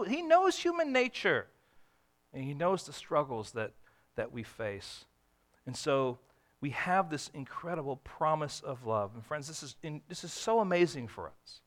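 Animated man preaching a sermon. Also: fairly high pitch. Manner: animated, swings from loud emphatic bursts to hushed tender lines; acts out quoted dialogue in a conversational, folksy way. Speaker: pastor.

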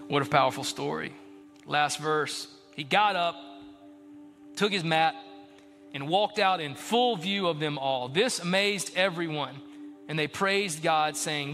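High-energy preacher man, bright voice. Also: a little slow, pauses often, long reverb tail, soft background music. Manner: energetic, exhorting, shifts from shouting to hushed storytelling. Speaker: pastor. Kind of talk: sermon.

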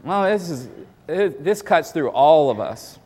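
A man's voice: a little high, very animated, measured pace, darkish tone, breathy edge. Conversational male pastor preaching in a reverberant hall. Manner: conversational preaching, repeats words, acts out quoted excuses. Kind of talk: sermon.

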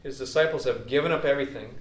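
A man's voice: medium pitch, very fast. A man preaching a sermon in a loose, chatty way, full of fillers and restarts. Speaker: pastor. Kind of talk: casual conversational sermon. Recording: echoey room, mic at a distance, faint ambience.

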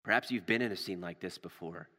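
A male pastor preaching a sermon in a storytelling way, rising for drama and dropping low and soft for tender moments. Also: fast, in a large hall.

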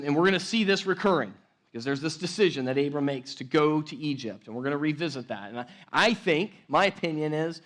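A man's voice: medium pitch, fairly bright tone. A man preaching a sermon as pastor, talking casually with many restarts and tag questions like "right?", and building energy as he teaches. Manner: conversational, rambling with restarts and "like, right?".

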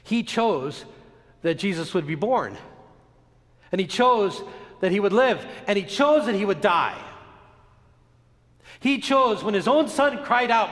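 A man delivers a sermon with a lively, sweeping pitch, leaning into slow emphatic pauses as he tells a story. His voice sits a little high for a man. It rings with a long reverb, as if he is in a large church. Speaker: pastor.

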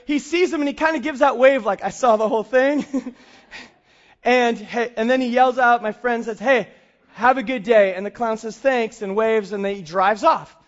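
A male pastor preaching a sermon and telling a story with lively acted-out dialogue. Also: extremely high pitch, highs cut off. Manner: animated storyteller, acts out dialogue.

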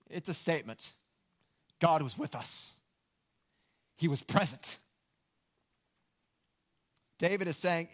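Male pastor, high voice, sermon, earnest, emphatic. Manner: earnest, emphatic, slows down on key lines.

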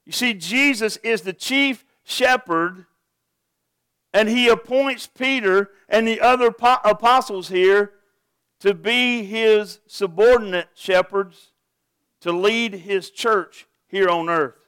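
A man's voice: high voice, slow, fairly bright tone, smooth, no room sound. A pastor preaching a sermon to his congregation, earnest and asking them direct questions.

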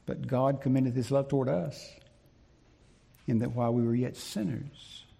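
Male preacher, husky gravelly voice, hits his points hard and repeats them, big church-hall echo. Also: mid-range voice, warm tone. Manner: emphatic, deliberate, repeats key phrases. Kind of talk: sermon. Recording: long reverb of a large hall.

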